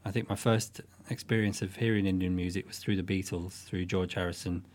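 A man from northwest England, a folk musician talking thoughtfully in an interview, often pausing and restarting. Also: deep voice, steady tone, darkish tone. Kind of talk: interview chat.

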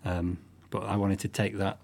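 A man speaks in a fairly low voice as a guest musician in an interview. He talks thoughtfully, pausing and restarting as he explains his craft. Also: flat delivery, gravelly, a little mellow. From northwest England. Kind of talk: interview chat.

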